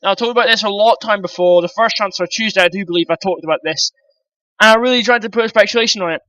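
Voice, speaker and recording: A man's voice: high-pitched, rapid-fire, bright, forceful tone, rough recording. A man ranting bluntly about football transfer news to his viewers, swearing freely and calling them guys. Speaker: football vlogger. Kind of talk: opinionated transfer-news rant.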